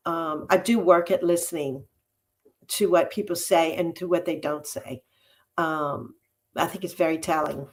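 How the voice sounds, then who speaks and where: A woman who coaches and speaks in public, answering interview questions in a thoughtful way with many "um" pauses. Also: fairly low pitch, a bit bright. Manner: thoughtful, uses many "um" fillers, tells stories about herself. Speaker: podcast guest, coach and speaker. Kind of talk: casual interview conversation.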